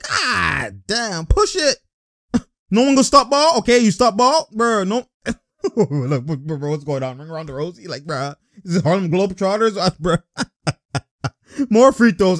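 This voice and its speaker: A young man giving casual, excitable basketball reaction commentary, blunt and slangy, laughing often. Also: very high voice, no echo, studio quality.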